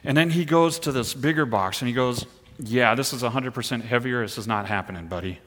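A middle-aged pastor preaches to his congregation, telling a story with lively, animated energy that swells at the big moments. His voice is bright and forward. It carries a long reverb, as if it fills a church sanctuary. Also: mid-range voice, fairly quick. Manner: animated storytelling, rising and pushing hard at the exciting parts. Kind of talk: sermon with personal story.

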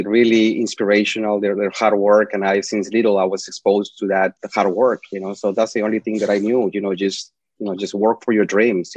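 A man from Peru with a Spanish accent, a talkative interview guest telling long rambling stories. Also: lowish voice. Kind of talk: casual interview storytelling. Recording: dry, slightly dull lo-fi sound.

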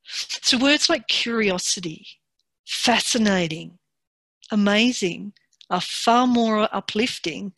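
A woman giving a workshop presentation in a calm, measured and encouraging way. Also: on the high side, dry recording.

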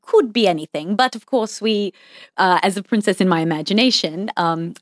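A woman's voice: medium pitch, normal speed, no echo. A woman guest on a talk show puts on a posh English accent with a playful, giggly manner. Her voice sits in a middle range. The sound is close and dry. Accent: put-on English. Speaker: actress guest.

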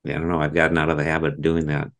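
Male co-host, extremely low voice, hesitant and reflective. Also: completely flat delivery, very fast, fairly bright tone. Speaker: podcast co-host. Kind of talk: casual chat.

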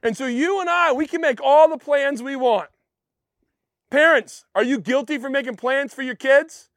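A man's voice: very high voice, lively intonation, moderate pace, a bit bright, no echo, studio quality. A man preaching a sermon, telling a personal story and putting questions to his listeners. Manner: storytelling, acts out quotes, asks the audience questions. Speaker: pastor.

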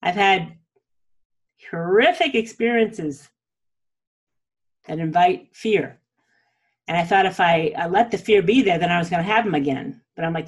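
A woman with a husky, slightly breathy voice explains a self-help practice in a relaxed, conversational teaching style. She sprinkles in "like" and "okay?" as she goes, encouraging the listener and openly sharing her own pitfalls. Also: fairly low pitch, unhurried, pauses often. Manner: chatty, frequent "like" and "okay?" check-ins; encouraging, candid about own struggles. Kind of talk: casual spoken teaching.

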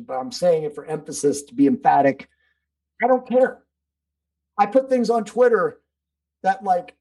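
A man's voice: on the high side, low-quality recording. A man speaking as a podcast guest in casual conversation, emphatic and preachy, swearing freely.

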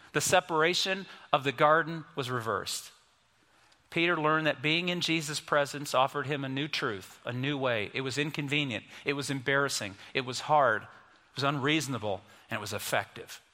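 A man in his fifties preaching a sermon, storytelling and moving between soft, quiet passages and emphatic ones. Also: a little high. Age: 50s. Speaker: pastor. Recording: music under voice, long reverb.

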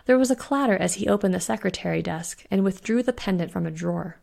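A woman who hosts a podcast, narrating her own spooky short story in a measured, suspenseful way. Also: mid-range voice, vocal fry, a little mellow. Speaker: podcast host and author reading her story. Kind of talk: audiobook narration.

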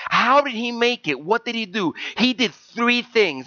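A pastor preaching a sermon in church, moving between quiet talk and loud, emotional preaching. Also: male voice, high voice, animated, normal speed, hardly any pauses, dry recording.

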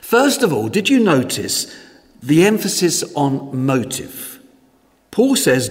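A man preaching a sermon in church, measured and emphatic, posing rhetorical questions to his congregation. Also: on the high side, big pitch swings, big-room sound.

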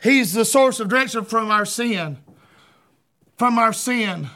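A man preaching a fervent sermon, often shouting and stumbling over repeated words. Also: very high voice, unhurried.

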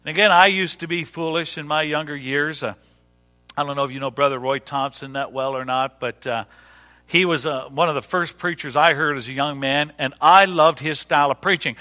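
A man's voice: fairly high pitch, a little fast, pushed and bright. A middle-aged male pastor preaching a sermon in a folksy way, repeating words and using dry humor. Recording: long hall reverb.

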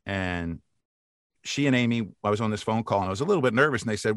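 Bright-voiced older male voice actor, animated. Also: on the low side, fast, clear, resonant tone, no echo, studio quality. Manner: animated, laughs often, acts out quotes. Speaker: voice actor guest. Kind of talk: casual interview storytelling.

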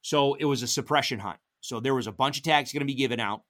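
A middle-aged man telling hunting stories as a podcast guest, casual and animated, acting out quoted dialogue with big jumps in pitch. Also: quick pace. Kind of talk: casual storytelling.

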